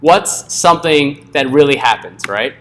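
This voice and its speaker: A man's voice: medium pitch, lively intonation, a little slow, fairly bright tone, a little hiss or hum. A man teaching a live coding class in a casual, joking way, often checking in with the room. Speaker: coding instructor.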